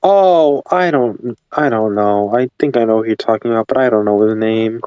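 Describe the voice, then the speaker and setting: A man's voice: lowish voice, moderate pace, mellow, clean tone, no room sound, poor audio. Laid-back young guy chatting, dry close mic. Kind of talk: casual chat.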